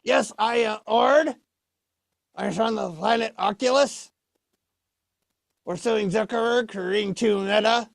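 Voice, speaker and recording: A man's voice: sits high, slow, gravelly, pauses often, dry recording, clean studio sound, exaggerated voice. A man voicing a boozy, wisecracking male alien puppet in a ventriloquist comedy act, delivering cocky, brash one-liners.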